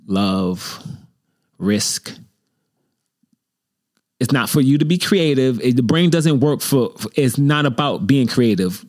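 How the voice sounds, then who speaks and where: A man at home talks into a desk mic, hosting his own show in a loose, rambling way. He pokes fun at himself and sometimes drops into a low mutter to play the doubting voice in his head. His voice sits in the middle of the usual range for a man. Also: a little mellow. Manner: rambling, self-deprecating, acts out his inner critic in a low muttering voice. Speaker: host. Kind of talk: casual solo monologue. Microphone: desk microphone.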